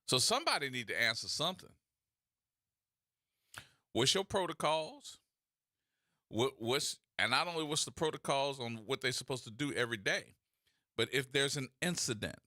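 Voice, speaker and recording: A man's voice: medium pitch, animated, normal speed, pushed and bright, no echo, studio quality. A man hosting a radio talk show, delivering opinionated commentary full of sarcastic rhetorical questions.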